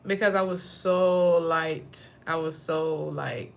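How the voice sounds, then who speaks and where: Lively, slangy young woman reading tarot. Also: measured pace, a little hiss or hum. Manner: animated storyteller who breaks into high laughing outbursts; slangy and digressive. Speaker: tarot reader. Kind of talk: casual livestream tarot chat.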